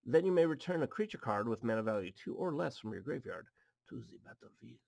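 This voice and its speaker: Chatting casually as he opens card packs in his home apartment, this host reads the card text aloud and tosses in goofy asides. He talks fairly quickly at a medium pitch, with lively intonation, vocal fry and a slightly mellow tone, with no echo.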